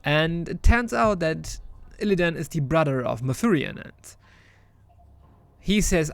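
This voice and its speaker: A man's voice: on the high side, animated, a little slow, dry recording. A man retelling a game's story in a casual recap, with many restarts and fillers, loosely paraphrasing the characters. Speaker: gaming video host.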